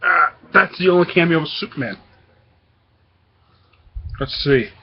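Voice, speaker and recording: A man's voice: fairly high pitch, unhurried, lo-fi sound, a little hiss or hum. A man hosting his own comic book review show, talking casually and hesitantly with lots of fillers. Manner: rambling, hesitant with many fillers.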